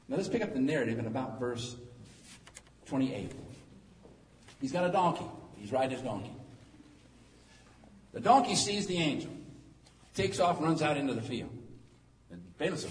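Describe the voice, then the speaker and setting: A middle-aged man preaching a sermon, telling the story in a folksy, joking, animated way. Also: mid-range voice, moderate pace, long pauses. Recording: echoey hall, distant mic, faint noise.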